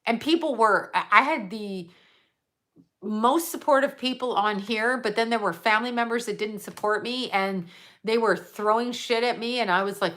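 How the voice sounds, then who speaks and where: A middle-aged woman, a psychic medium, talking frankly and casually on a live stream, reading viewer comments and often breaking off in halting restarts. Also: mid-range voice, a bit bright. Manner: frank and profane, halting with restarts when emotional.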